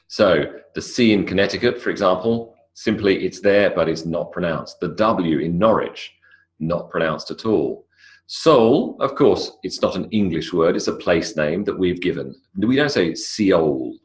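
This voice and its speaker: Low-voiced Australian man teaching pronunciation. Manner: explanatory, relaxed, with fillers and self-corrections. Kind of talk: recorded online lecture.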